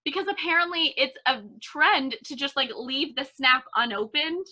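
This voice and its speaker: A woman in her twenties co-hosts a podcast, her voice high-pitched and her pace moderate. She's a chatty, animated storyteller, and "like" pops up constantly as she talks casually.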